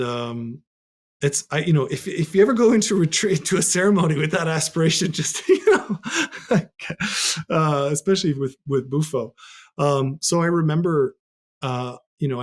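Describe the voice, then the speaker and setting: Earnest man telling a personal story. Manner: earnest and reflective, voice jumps high when reliving scenes. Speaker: podcast guest.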